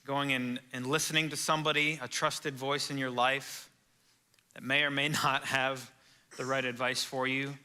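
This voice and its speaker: A man's voice: mid-range voice, little pitch movement, normal speed, bright, forceful tone, clear, resonant tone. A male pastor preaching a sermon in a church, earnest and conversational, asking his listeners direct questions. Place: church sanctuary.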